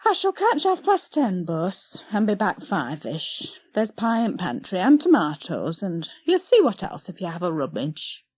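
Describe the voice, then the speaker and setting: A woman's voice: medium pitch, huge pitch swings, measured pace, hardly any pauses, a little mellow, breathy edge, no echo, exaggerated voice. A woman reading an audiobook, voicing a gloomy, bustling older village wife who grumbles in broad country dialect. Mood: brisk. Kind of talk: audiobook character voice.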